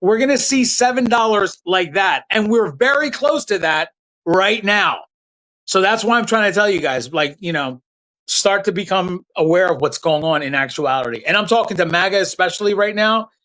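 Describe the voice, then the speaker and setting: A man's voice: sits high, moderate pace, sharp tone, low-quality recording. A man hosting a live political commentary stream, talking bluntly and with heat straight to his chat viewers, using loose slang and restarting his sentences. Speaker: political commentary livestream host.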